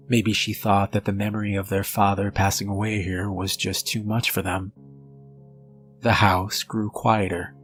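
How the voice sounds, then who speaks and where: A man with a fairly low voice reads a first-person horror tale in a steady, measured storytelling manner. His scripted narration sits over a soft, faint music bed. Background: soft background music.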